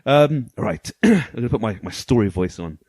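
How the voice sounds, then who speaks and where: This is a man hosting a casual retro gaming podcast, his voice swinging lively between highs and lows. He sounds enthusiastic and laughs easily. The recording is close and dry, with no room sound. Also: normal speed, no room sound. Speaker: podcast host. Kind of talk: casual podcast chat and reading aloud.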